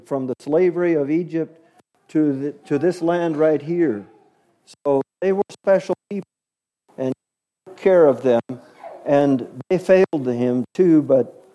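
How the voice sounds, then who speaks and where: A man's voice: a little high, dark tone. A man teaching a Bible story to children in a chatty way, asking them questions along the way. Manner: asks the listeners questions, chatty.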